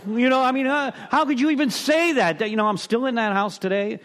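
A man's voice: very high-pitched, brisk, few pauses, a bit bright. A middle-aged man sharing his personal story with a recovery group, rambling and interrupting himself, chuckling at his own tale. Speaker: speaker sharing at a recovery meeting.

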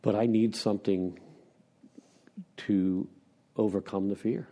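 A man's voice: on the low side, fairly even intonation, takes it slowly, warm tone. Frank, wry middle-aged man sharing. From Pennsylvania. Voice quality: rambling, with restarts and self-deprecating laughs. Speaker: recovery meeting speaker. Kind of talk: candid personal share.

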